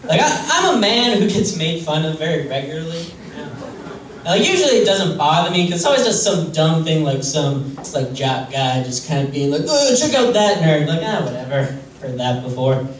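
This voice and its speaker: A man doing a stand-up comedy set on a club stage, deadpan and self-deprecating, hesitant with many fillers. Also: on the high side, moderate pace. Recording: roomy distant club recording with noise.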